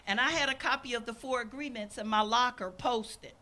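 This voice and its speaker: Speaking briskly, an older female minister delivers an outdoor sermon built around a personal story. Her bright, rather high voice is earnest, and she performs the voices of those she quotes.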